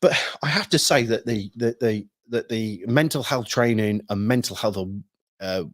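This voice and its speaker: A middle-aged man telling a story casually, rambling with many ums and restarts, swearing freely and acting out shouted quotes. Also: medium pitch, moderate pace, no room sound, studio quality. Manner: acts out shouted quotes with sudden bursts. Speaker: hypnosis trainer recounting military past.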